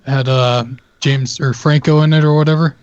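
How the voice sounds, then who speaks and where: A man's voice: fairly high pitch, fairly even intonation, brisk, darkish tone, dry recording. A man co-hosting a gaming podcast who speaks hesitantly, with many ums and likes. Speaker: podcast co-host. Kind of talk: casual chat. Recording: dry, dull lo-fi audio.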